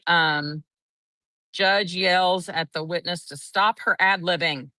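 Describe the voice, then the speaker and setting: A woman's voice: fairly low pitch, steady tone, slow, bright, forceful tone, no room sound, distant mic. Chatty woman recapping a trial. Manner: chatty, breathless recounting with acted-out quotes. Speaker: courtroom trial reporter. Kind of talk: casual live recap of a trial.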